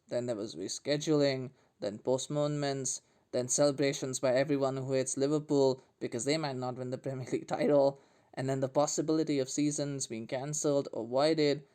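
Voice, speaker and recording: A man's voice: medium pitch, dark tone. A man hosting a comedic podcast, delivering a sarcastic, jokey monologue. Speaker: podcast host.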